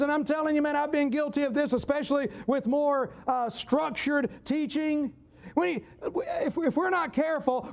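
A man with a Southern US accent preaching a sermon, folksy and emphatic, repeating key phrases and breaking into shouts. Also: very high voice.

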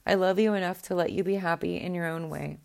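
A woman voicing a fond, gentle young princess in a storybook reading, speaking softly and affectionately. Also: on the low side, steady tone, fast, vocal fry. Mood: tearful.

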